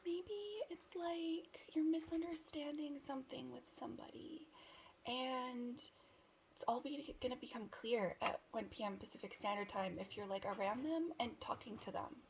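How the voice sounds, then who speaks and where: A woman with a high-pitched voice speaks at a moderate pace, with a little background noise. She's doing a casual tarot reading for the camera, rambling, giggling, and breaking off her own thoughts partway through.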